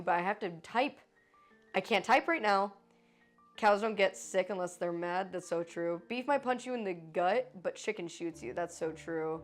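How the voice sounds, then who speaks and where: A woman streamer in casual live chat with her viewers, swearing freely and swinging between joking and apologizing. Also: medium pitch.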